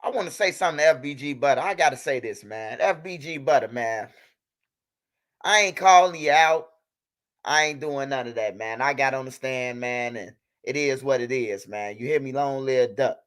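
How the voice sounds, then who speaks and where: A man's voice: medium pitch, moderate pace, fairly bright tone. A young man in a heated, profane rant, repeating himself as he talks straight at a rival. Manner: angry, profane, repetitive, talking straight at a rival. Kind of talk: heated direct-to-camera rant.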